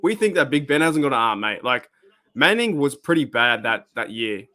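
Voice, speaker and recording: An Australian man hosts a live-stream reaction, chatting in a loose, rambling, animated way and swearing freely. His voice is mid-range and his pace is normal.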